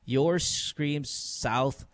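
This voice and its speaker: A man's voice: medium pitch, extremely slow, no room sound. A man hosting a podcast, giving blunt, profane advice in casual chat. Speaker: podcast host. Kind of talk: casual crude advice talk.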